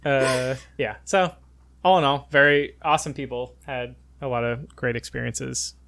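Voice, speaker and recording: A man's voice: mid-range voice, fairly even intonation, normal speed, creaky, fairly bright tone. A man in his twenties co-hosting a podcast, telling rambling travel stories full of fillers and frequent laughs. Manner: rambling storyteller, laughs often, many fillers. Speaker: podcast co-host. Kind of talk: casual chat.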